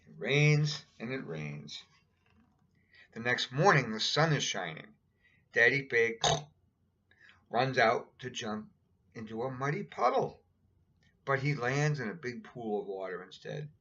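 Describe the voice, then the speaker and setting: A man's voice: medium pitch, expressive, unhurried, long pauses, pushed and bright. A man casually reading a picture book aloud, adding chatty asides and pointing at the pictures. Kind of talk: casual storybook read-aloud. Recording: dull lo-fi recording.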